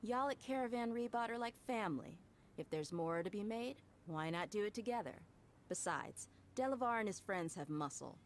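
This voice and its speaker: A woman's voice: medium pitch, expressive, normal speed, a little hiss or hum, natural voice. An actress playing a confident woman mercenary in a game, frank and easygoing. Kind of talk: game voice acting.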